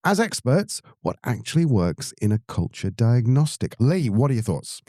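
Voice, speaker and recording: A man's voice: mid-range voice, big pitch swings, moderate pace, dark tone, dry recording, clean studio sound. A man hosting a podcast, chatty and upbeat, reading listener questions to his co-host. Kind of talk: casual podcast chat.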